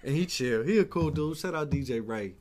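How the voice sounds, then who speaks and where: With a medium-pitched, expressive and slightly mellow voice, this young man talks briskly while co-hosting a podcast. The casual chat is loaded with slang and swearing, and he keeps dropping "you know what I'm saying."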